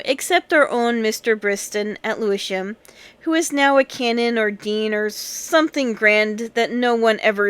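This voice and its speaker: A woman reading a classic children's novel aloud in a measured storytelling manner. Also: on the high side, clean tone. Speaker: audiobook reader.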